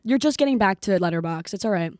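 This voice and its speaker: A woman's voice: medium pitch, lively intonation, quick pace, darkish tone, dry recording, clean studio sound. A young woman co-hosting a podcast, chatting casually and animatedly about films she has seen. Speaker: podcast co-host. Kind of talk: casual chat.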